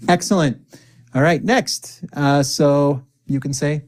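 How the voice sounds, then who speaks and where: An upbeat, encouraging man teaches an English lesson, pronouncing example phrases slowly and clearly so learners can repeat them. His voice is a little high with a darkish tone.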